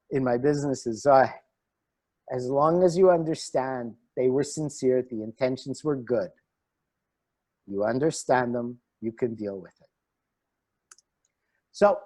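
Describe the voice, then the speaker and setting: A middle-aged man, a relationship coach, giving a webinar talk over a video call and telling animated anecdotes. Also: fairly high pitch. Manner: animated storyteller, chuckles at himself.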